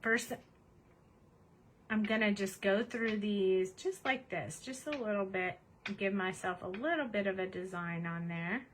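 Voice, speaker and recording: A woman's voice: mid-range voice, measured pace, a little hiss or hum, rough recording. A woman hosting a casual craft demonstration at her home desk, chatty and cheerful as she narrates each step. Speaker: craft tutorial host.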